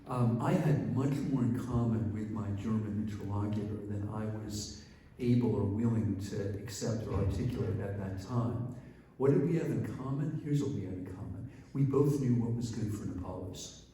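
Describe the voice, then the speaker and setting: A man's voice: on the low side, moderate pace, warm tone, slight background noise. A male professor giving a conversational storytelling lecture, often checking in with "right?", recorded from a distance in a large hall. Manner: conversational, frequent "right?" asides. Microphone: distant mic. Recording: echoey hall from a distance, faint ambience.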